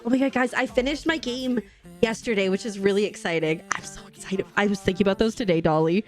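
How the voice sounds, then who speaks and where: A woman's voice: mid-range voice, fast talker, darkish tone, soft background music. Bubbly young woman chatting on stream. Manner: bubbly, rambling, reads and answers chat. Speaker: livestream host. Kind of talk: casual chat with live chat while crafting. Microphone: desk streaming mic.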